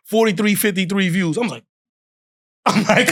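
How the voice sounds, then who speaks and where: The male guest speaks in a high voice at a moderate pace, with long pauses, while telling a funny story on a podcast. Animated and quick to laugh, he acts out what others said in casual talk.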